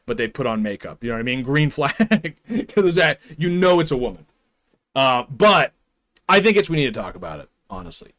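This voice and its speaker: A man's voice: medium pitch, fairly bright tone. A man streaming live, talking casually in an opinionated, rambling way and laughing often.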